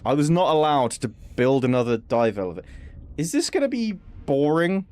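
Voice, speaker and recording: Lively man streaming a game. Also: a little high, normal speed. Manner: chatty, swears and laughs while playing. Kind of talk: live gameplay commentary.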